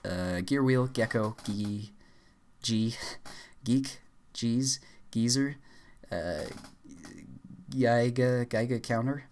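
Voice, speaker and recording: A man reading dictionary words aloud as fast as he can, rushing through the list and stumbling over words. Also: mid-range voice, darkish tone, slight background noise. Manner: rushed word-list reading with stumbles and fillers. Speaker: YouTuber. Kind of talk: rapid dictionary read-aloud challenge.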